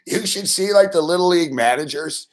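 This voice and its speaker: Profane, animated betting show host. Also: male voice, high voice, normal speed. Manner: profane, animated storytelling with mock outbursts. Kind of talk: live late-night betting commentary.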